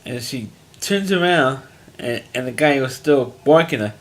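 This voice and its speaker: A man's voice: mid-range voice, expressive, a little slow. Rambling man recapping a TV episode. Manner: rambling, frequent restarts and fillers, plain-spoken. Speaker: TV episode reviewer. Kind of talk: casual recap monologue.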